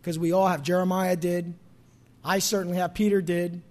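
A man's voice: sits high, little pitch movement, normal speed, darkish tone. A man preaching a sermon as pastor, talking conversationally and asking the congregation questions.

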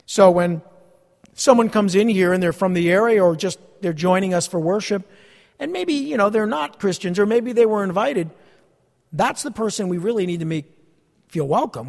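High-voiced male pastor in a reverberant hall. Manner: earnest, repeats words, chuckles often. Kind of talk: conversational sermon. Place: church sanctuary.

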